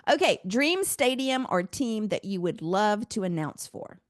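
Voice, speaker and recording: Lady podcast host, upbeat and giggly, mid pitch, dry close sound. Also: big pitch swings, unhurried, no echo. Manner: laughs often, upbeat. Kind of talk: casual interview.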